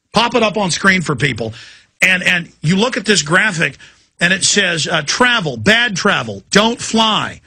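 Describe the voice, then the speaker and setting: Talk radio host, male, gravelly and intense, high bright voice, dry studio sound. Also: dry recording. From Texas. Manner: gravelly, emphatic, ranting. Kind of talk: fiery talk radio monologue. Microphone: studio mic.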